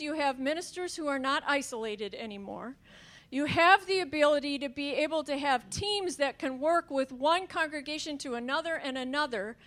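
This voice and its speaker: A woman minister speaking earnestly on a panel, talking fast with occasional fillers. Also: sits high, a bit bright. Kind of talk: panel talk.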